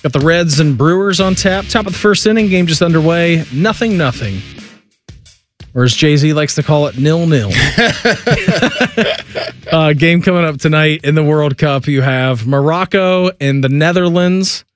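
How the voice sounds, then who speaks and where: A man's voice: a little high, moderate pace, soft background music. A man hosting sports radio, telling stories in a casual, chatty way and laughing often.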